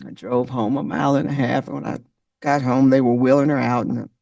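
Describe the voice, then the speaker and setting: A woman's voice: rumbling low, fairly even intonation, brisk, creaky, dark tone, no room sound, recorded from a distance, dull audio. A woman giving a motivational talk, emotional and preacher-like, calling on listeners by name. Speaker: motivational speaker.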